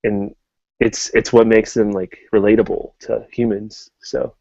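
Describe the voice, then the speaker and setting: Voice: medium pitch, flat delivery, measured pace, vocal fry, mellow, dry recording, highs cut off. A young adult student co-hosting a casual podcast, rambling and laughing while discussing a comic book. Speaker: podcast co-host.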